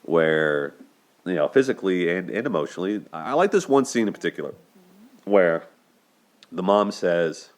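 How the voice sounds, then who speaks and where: Low-voiced man giving earnest commentary. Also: lively intonation, moderate pace. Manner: earnest, conversational, repeats words when restarting. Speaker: host discussing relationships. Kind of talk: solo video commentary.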